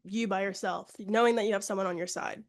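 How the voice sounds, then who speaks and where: Young woman answering in a flat voice. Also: mid-range voice, fast talker. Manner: earnest, hesitant answers. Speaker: panel guest. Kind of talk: casual answers to questions.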